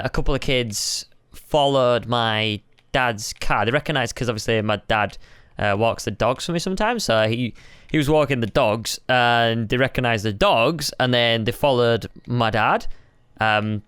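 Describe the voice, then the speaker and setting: A man's voice: medium pitch, measured pace, fairly bright tone, clean tone, dry recording. A man co-hosting a podcast, chatty and teasing, leaning on "like" as he talks. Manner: teasing, chatty, uses "like" a lot. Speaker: podcast co-host. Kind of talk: casual chat. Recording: faint music behind.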